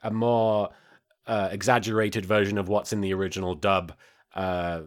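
A man's voice: on the low side, flat delivery, normal speed. A man in his thirties hosting a casual podcast, telling stories with lots of fillers and restarts. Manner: rambling, filler-heavy storytelling. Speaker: podcast host and abridged-series creator.

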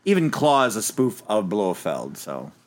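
A man's voice: fairly low pitch, wildly swooping pitch, unhurried. A man co-hosting a podcast, rambling through a movie review in casual, profane chat. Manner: rambling, profane, lots of fillers. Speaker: podcast co-host.

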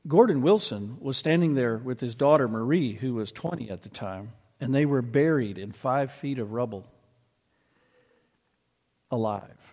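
Male pastor, storytelling sermon voice, mid pitch, long hall reverb. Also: animated, darkish tone. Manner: storytelling, slows and presses for emphasis.

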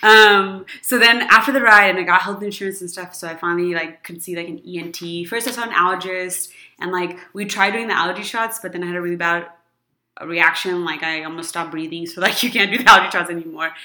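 A woman's voice: lowish voice, fairly even intonation, quick pace, pushed and bright, roomy sound. A woman in her thirties telling a long personal story to friends in casual chat, rambling with lots of fillers and frequent laughter.

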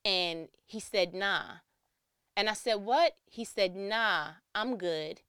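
A young woman telling a personal story in a lively, slangy way, acting out the voices she quotes. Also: mid-range voice, takes it slowly, clear, resonant tone, no echo, studio quality. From New York.

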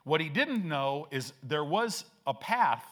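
A man's voice: a little high, big pitch swings, slow, a bit bright. An older male pastor preaching in a church, telling stories conversationally and building up to emphatic declarations. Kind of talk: sermon. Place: church sanctuary.

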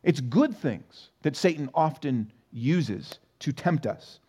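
A man's voice: fairly high pitch, animated, takes it slowly, mellow, husky. A man preaching a sermon as pastor in a church, talking conversationally and asking the congregation rhetorical questions. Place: church sanctuary.

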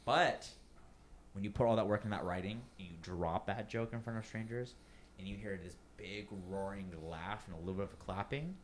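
A young man hosting a casual chat, acting out his own quotes in an animated way and swearing freely. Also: lowish voice, fairly quick, slight background noise. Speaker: streamer and podcast host.

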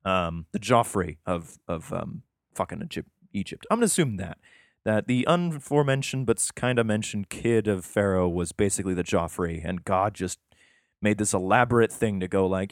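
A man's voice: fairly low pitch, animated, no echo, studio quality. Profane, rambling man reading scripture. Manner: profane, rambling, sarcastic asides; slow emphatic reading of scripture passages. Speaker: podcaster reading and commenting on scripture. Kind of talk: casual irreverent commentary.

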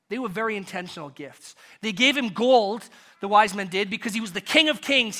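A British man delivers a sermon in a notably high voice. His tone is bright and ringing, and he moves between loud, rising questions and quiet, hushed answers. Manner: rhetorical questions, builds and drops in volume. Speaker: pastor.

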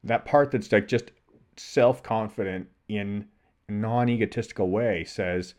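In a lowish, slightly mellow voice and at a measured pace, a middle-aged man co-hosting a podcast reflects on a personal experience. He tells it thoughtfully and conversationally, voicing the thoughts running through his head.

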